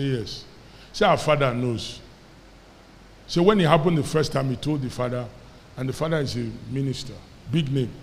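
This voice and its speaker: A Nigerian man preaching a sermon, telling a story with lively quoted dialogue and having the congregation repeat after him. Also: medium pitch, creaky, big-room sound, a little hiss or hum. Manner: animated storyteller, quoting characters, calling on the congregation to repeat. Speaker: pastor.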